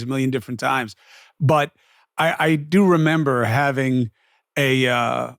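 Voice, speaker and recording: A man's voice: medium pitch, dry recording, clean studio sound. A man hosting a casual interview, chatty and conversational, telling stories with lots of fillers. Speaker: host.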